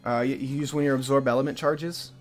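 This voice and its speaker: A man's voice: medium pitch, steady tone, quick pace, faint music behind. A young man narrating as game master in a live tabletop game, rambling loosely with lots of fillers.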